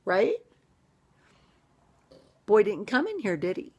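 A woman's voice: medium pitch, sing-song, slow pace, pauses often, slightly rough. Fired-up middle-aged American woman, ranting vlogger, emphatic, voice swoops up and down. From United States. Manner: fired-up, emphatic, jumps between loud and hushed. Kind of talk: ranting vlog monologue.

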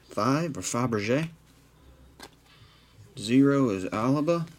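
A man with an animated mid-range voice hosts a live trading card break, with a little hiss or hum on the audio. Unhurried, he reads out players and card numbers and drops dry jokes along the way.

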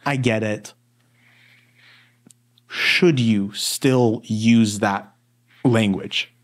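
Here a man with a fairly low voice speaks extremely slowly while co-hosting a Bible study podcast. His delivery is laid-back and wandering, with plenty of fillers as he tells stories.

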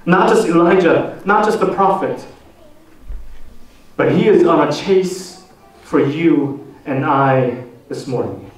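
A male pastor preaches slowly and with weight, leaving space between his phrases. His voice sits a little high for a man and sounds set back from the microphone. It carries through a very echoey church sanctuary. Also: animated, distant mic, soft background music. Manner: slow, deliberate preaching with rhetorical questions. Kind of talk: sermon. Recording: echoey church hall, voice from off the mic.

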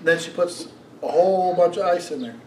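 Middle-aged pastor preaching in an echoey church. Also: male voice, high voice, normal speed, very noisy. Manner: storytelling, animated, asks the congregation questions. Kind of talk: sermon. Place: church sanctuary. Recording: echoey room, mic from a distance.

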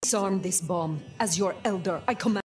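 A woman's voice: on the low side, normal speed, a little mellow, natural voice. A woman voicing a commanding female vampire elder in a game trailer, speaking with imperious contempt. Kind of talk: video game trailer dialogue. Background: music.

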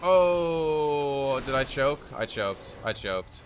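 A man streaming gameplay, groaning in despair with drawn-out wails. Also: fairly high pitch, animated, smooth. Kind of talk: live gameplay reactions.

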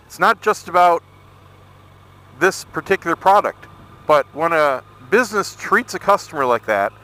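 A middle-aged man telling a story on a casual vlog while riding a motorcycle through town traffic, irritated but measured. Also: on the high side, expressive, sharp tone. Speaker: motovlogger.

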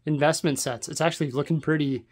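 Breathless and talking fast, this man has a high-ish, steady voice with a breathy edge. He's filming a casual vlog at home, wandering the rooms and stairs as he goes through his belongings. He rambles a lot and leans heavily on fillers.

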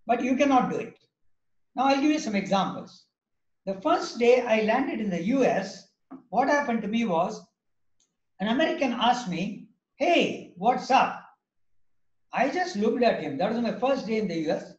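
A man's voice: sits high, expressive, moderate pace, roomy sound, highs cut off. A man with an Indian English accent giving a lecture, emphatic and anecdotal, repeating his key points.

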